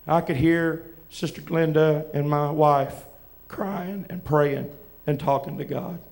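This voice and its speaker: Southern preacher guy telling his story from the pulpit, kinda high voice, lots of stops and restarts. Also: fairly even intonation, creaky, a little mellow. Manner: halting, emotional storytelling with many restarts. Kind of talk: testimony from the pulpit.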